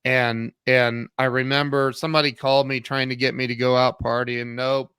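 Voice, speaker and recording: A man's voice: mid-range voice, little pitch movement, normal speed, clean tone, dry recording, studio quality. A middle-aged man, an author and CEO, telling his own story earnestly in an interview and acting out past dialogue. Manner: earnest, acts out past dialogue with sudden loud jumps.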